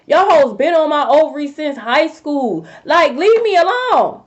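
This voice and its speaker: A high-voiced young woman gives a tarot reading on a live stream. She talks bluntly and confrontationally, swearing freely as she calls people out. The audio is muffled and lo-fi. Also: sing-song, a little slow, few pauses. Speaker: tarot reader.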